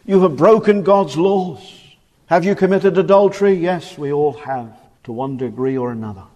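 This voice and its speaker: A man's voice: a little high, moderate pace, dull audio. Fervent preacher man in an echoing hall. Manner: fervent, emphatic preaching that drops to hushed, grave tones. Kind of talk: sermon. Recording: reverberant church hall.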